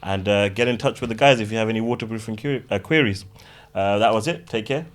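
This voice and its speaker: A man hosting a casual podcast, warmly thanking his guests and wrapping up the show. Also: lowish voice, fast talker. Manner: friendly, thanking guests at length. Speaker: podcast host.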